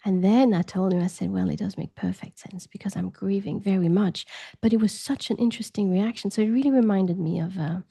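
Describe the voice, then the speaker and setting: A woman speaks as a podcast guest, calm and measured, her words often sinking into a near whisper. Her voice has a gravelly, husky texture. The tone sits mellow and dark rather than bright. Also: mid-range voice. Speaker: guest, grief educator.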